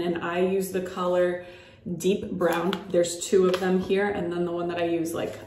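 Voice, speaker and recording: A woman's voice: fairly low pitch, darkish tone, echoey room. A young woman chatting through a makeup tutorial at home, a bit out of breath and full of fillers as she demonstrates. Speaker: beauty vlogger. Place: at home by a mirror.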